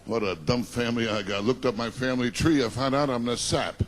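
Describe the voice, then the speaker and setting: A man delivers a stand-up routine of self-deprecating one-liners, working the audience between jokes. His voice sits at an ordinary middle pitch. The live stage recording carries a faint background hiss. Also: a little fast. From Long Island, New York. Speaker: stand-up comedian. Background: audience laughter.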